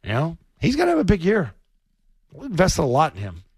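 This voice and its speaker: A man co-hosting sports radio talk as a former quarterback, blunt and animated, swearing casually. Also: on the high side, brisk, breathy edge, no echo.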